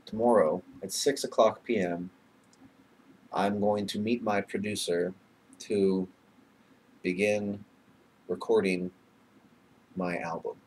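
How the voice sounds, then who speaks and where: A man's voice: lowish voice, fairly even intonation, slow pace, pauses often, a little mellow, a little hiss or hum. A young man vlogging into his webcam, rambling with lots of fillers and swearing, nervous and emotional, often breaking into laughter. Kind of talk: casual webcam vlog.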